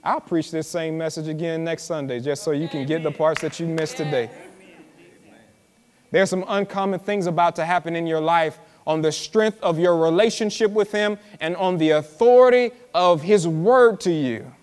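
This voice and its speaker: A man preaching a sermon as pastor, drawing words out for emphasis, repeating lines and talking directly to the congregation in a church. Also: on the high side. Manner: preaching with dramatic slow emphasis and repetition; conversational, tells the congregation to listen. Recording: live sermon with hall reverb.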